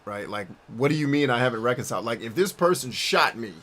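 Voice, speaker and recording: While streaming a game, a man answers his chat fast, in an animated, slightly bright mid-range voice. He's blunt and profane, rambling and frequently restarting sentences.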